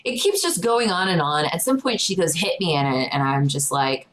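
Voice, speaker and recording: In a relaxed storytelling chat on her podcast, a young adult woman co-host recounts events animatedly and performs quotes in a raised voice. Her delivery is low, sing-song and a little slow, captured on a rough recording.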